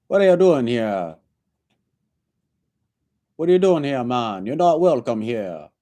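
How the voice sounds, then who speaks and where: A man's voice: medium pitch, very animated, dark tone. A man putting on a taunting Jamaican bouncer. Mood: teasing. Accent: put-on Jamaican. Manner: laughing, taunting, drawn-out. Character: mock Jamaican bar bouncer man, teasing.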